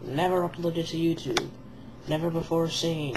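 A woman's voice: sits low, steady tone, slow, darkish tone. A woman hosting a homemade comedy show, opening with a mock news-announcer delivery. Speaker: show creator and host. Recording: echoey room, faint noise.

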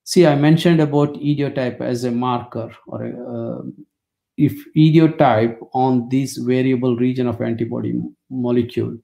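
A man's voice: medium pitch, steady tone, moderate pace, creaky, mellow. A man in his sixties from India, speaking, gives a webinar lecture as wry, anecdotal storytelling.

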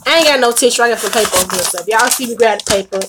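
A woman's voice: a little high, racing, very noisy. A woman doing a reaction video, chatty and emotional, talking straight to her viewers. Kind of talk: casual reaction commentary.

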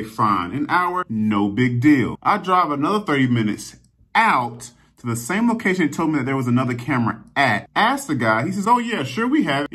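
A man talks to camera in a casual gear vlog from a room at home. His pitch sits at an ordinary middle but leaps around, giving every story beat an animated, exasperated bounce. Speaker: vlogger. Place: indoor room with green screen.

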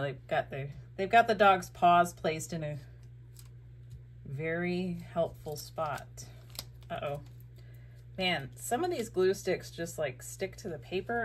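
A woman's voice: fairly low pitch, a bit bright. A woman chatting casually while gluing a scrapbook, rambling and breaking off mid-sentence as she works on her own craft channel. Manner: chatty, rambling, self-interrupting.

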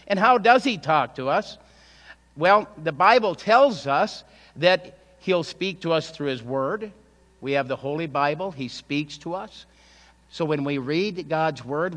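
A higher-voiced male pastor, his tone a bit bright, preaches a sermon in a church sanctuary. His conversational style uses rhetorical questions, and long church hall reverb fills the recording.

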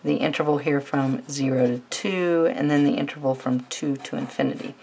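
A woman teaching a recorded calculus lecture, talking students through a problem step by step in a relaxed, conversational way. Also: very deep voice, moderate pace, gravelly, slightly rough. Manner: relaxed, conversational, thinks aloud while writing. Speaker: math teacher.

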